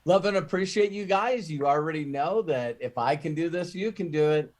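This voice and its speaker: A man's voice: a little high, normal speed. A man hosting a group video call, telling casual stories and acting out other people's voices with energy. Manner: animated, acts out gamblers' voices. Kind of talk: casual storytelling to a live call.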